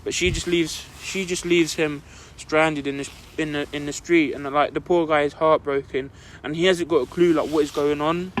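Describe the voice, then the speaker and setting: A man's voice: on the high side, steady tone, normal speed, hardly any pauses, slight background noise. Young man rambling through a story. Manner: rambling, full of "like" fillers. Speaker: podcast co-host telling a story. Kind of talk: casual storytelling chat.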